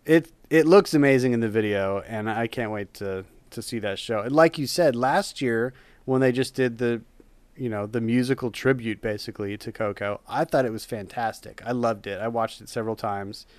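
A man chatting casually as a podcast co-host, his voice smooth and resonant. He talks with eager enthusiasm, sometimes circling back on his words. The sound is close and dry. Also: mid-range voice, moderate pace, dry recording. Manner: enthusiastic, rambling with restarts. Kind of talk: casual chat.

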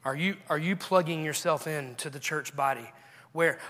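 A man's voice: on the high side, moderate pace, fairly bright tone, in a large hall. A male pastor preaching a sermon in a church, earnestly urging his listeners with repeated questions. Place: church sanctuary.

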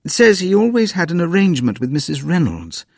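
A man's voice: fairly high pitch, very animated, a little fast, gravelly, breathy edge, no echo, clean studio sound, pitched above the performer's own voice, heavily acted. A man voicing an earnest, slightly nervous young mother in a storybook reading. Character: anxious practical young mother.

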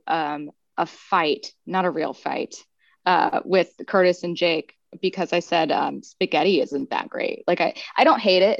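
A woman's voice: fairly low pitch, vocal fry, dry recording. A young woman guest on a sports podcast, talking casually and chattily with lots of fillers and self-deprecating asides. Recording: dull, slightly muffled sound.

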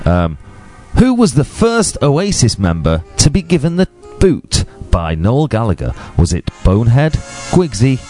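A man's voice: medium pitch, huge pitch swings, measured pace, mellow, faint music behind. A man co-hosting a podcast in casual, sweary banter, teasing and rambling. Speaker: podcast co-host.

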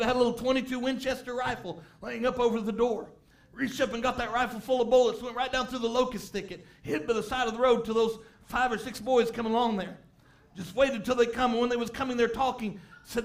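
A man preaching a sermon, telling a story and rising to shouts of emphasis. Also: very high-pitched. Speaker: pastor.

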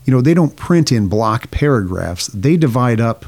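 A man's voice: mid-range voice, big pitch swings, normal speed, a little mellow. A man co-hosting a podcast, explaining liturgical chant step by step and singing short examples. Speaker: podcast co-host. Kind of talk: casual explanatory chat.

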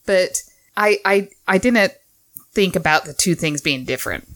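A woman co-hosting a podcast, speaking reflectively in halting casual chat. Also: fairly low pitch, lively intonation, a bit bright, dry recording. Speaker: podcast co-host.

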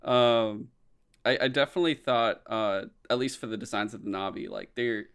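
A man's voice: medium pitch, normal speed, a bit bright, smooth. A young man in casual conversation about movies, laid-back, swearing freely and laughing often. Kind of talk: casual movie review chat.

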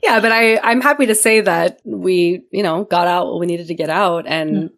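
A young adult woman co-hosting a podcast in casual chat, animated and quick to act out quotes, talking over a video call. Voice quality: animated, acts out quotes with big pitch jumps. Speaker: podcast co-host. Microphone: remote video call.

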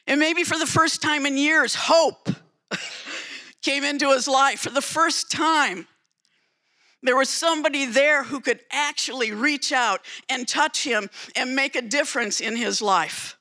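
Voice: high voice, a little slow, sharp tone. A preacher giving a sermon, retelling a story dramatically with emphatic repetition.

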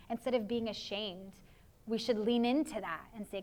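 A woman's voice: fairly high pitch, fairly even intonation, normal speed, a little mellow. Earnest woman pastor preaching. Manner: earnest, confessional, prays aloud in asides. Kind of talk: sermon.

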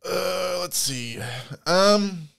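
A man's voice: high voice, expressive, extremely slow, fairly bright tone. A man co-hosting a podcast, chatting casually and rambling with lots of fillers and restarts. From Indiana, US. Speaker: podcast co-host. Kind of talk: casual chat, reading listener comments.

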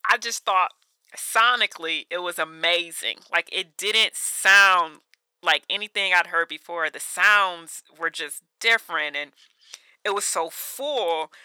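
A woman's voice: on the low side, unhurried, bright, forceful tone, clear, resonant tone, no room sound. A woman in her thirties co-hosting a podcast, chatting casually and animatedly, laughing often and filling her talk with "like" and "you know.". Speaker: podcast co-host. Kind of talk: casual chat.

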